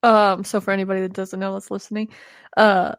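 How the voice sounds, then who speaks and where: A woman's voice: mid-range voice, flat delivery, a little fast, clear, resonant tone, dry recording, studio quality. A woman co-hosting a podcast in casual chat, laughing often and swearing casually. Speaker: podcast co-host.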